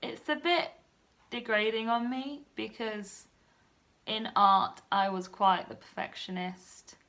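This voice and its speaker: A woman in her twenties, talking softly and a bit nervously in a personal vlog. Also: on the high side, slow pace. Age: 20s. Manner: soft-spoken and nervous, often hushed. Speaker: vlogger.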